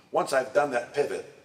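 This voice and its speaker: In a church sanctuary, a man gives a conversational talk, engaging the congregation by often putting direct questions to them. His voice is fairly high with vocal fry, picked up by a distant mic in an echoey room with faint ambience.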